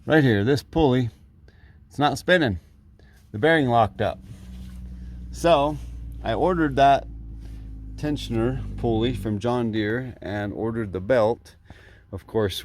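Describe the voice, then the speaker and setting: A man's voice: mid-range voice, slow, pauses often. A man, a farmer talking casually to the camera outdoors with dry, sarcastic humor. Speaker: farmer vlogger. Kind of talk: casual vlog walkaround. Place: outdoors on a farm. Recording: faint outdoor noise.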